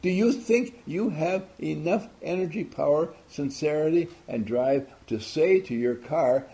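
A man's voice: fairly high pitch, a little slow, hardly any pauses, dark tone. A man giving an emphatic motivational talk to a group, asking many rhetorical questions. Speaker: motivational speaker.

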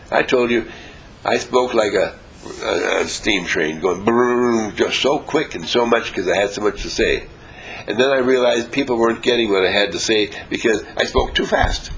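A man's voice: fairly low pitch, slight background noise, poor audio. A man giving a motivational talk to a small group, emphatic and repetitive, often chuckling. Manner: acts out quoted voices, chuckles often. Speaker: inspirational speaker.

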